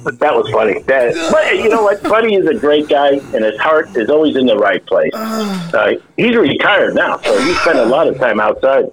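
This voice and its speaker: Man, casual storytelling, fairly high voice, very animated pitch, laughs a lot, repeats words. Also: normal speed, a crowd in the background, low-quality recording. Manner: laughs through his stories, repeats words. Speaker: podcast guest.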